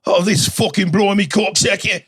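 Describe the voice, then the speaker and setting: A man voicing a crude, rowdy mock British bloke, loud and profane. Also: high voice, fairly even intonation, moderate pace, husky.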